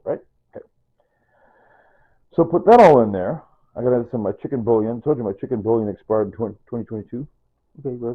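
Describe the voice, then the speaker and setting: A man's voice: mid-range voice, slightly rough, phone-quality sound. A man chatting loosely while cooking in his home kitchen, rambling and repeating himself as he explains each step. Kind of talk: unscripted cooking video chat.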